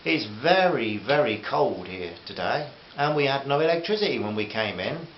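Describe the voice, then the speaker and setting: Male author-narrator, gentle and chatty, roomy dull recording with hiss. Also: medium pitch, lively intonation, moderate pace. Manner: gentle, chatty asides to listeners. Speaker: author reading his own novel. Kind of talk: audiobook narration with character voices.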